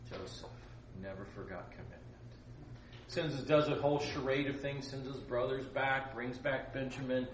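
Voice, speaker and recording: A man's voice: mid-range voice, normal speed, slight background noise. A man teaching a casual Bible class, retelling the story with jokes and asides to his students. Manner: joking, lively storytelling with asides. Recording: echoey room.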